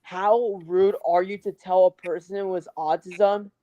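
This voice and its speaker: Low-voiced woman on a dull call. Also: steady tone, unhurried, warm tone, dry recording. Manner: emphatic, indignant, supportive.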